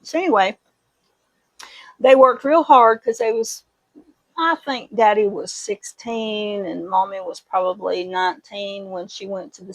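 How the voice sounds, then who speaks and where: A woman's voice: mid-range voice, dry recording, rough recording. A middle-aged woman with a Midwestern accent that slips into Kentucky country twang, chatting casually in her kitchen while doing dishes, rambling and folksy as she tells stories. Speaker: homesteading vlogger. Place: home kitchen.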